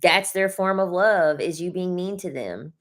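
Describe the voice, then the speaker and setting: Speaking unhurriedly in a fairly low voice, this young woman running a laid-back livestream responds to chat with blunt, profane remarks, hammering her points home through repetition.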